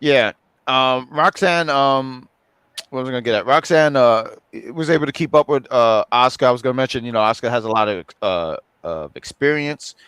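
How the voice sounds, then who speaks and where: A man's voice: medium pitch, brisk, a bit bright, smooth, dry recording. A man co-hosting a casual online chat, rambling with many fillers and restarts. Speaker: co-host.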